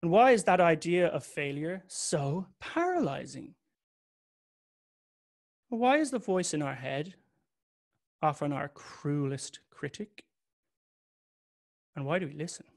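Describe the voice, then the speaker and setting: A man's voice: on the high side, very animated, takes it slowly, long pauses. Candid man giving a talk. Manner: candid and confessional, swears casually. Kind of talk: personal talk to an audience.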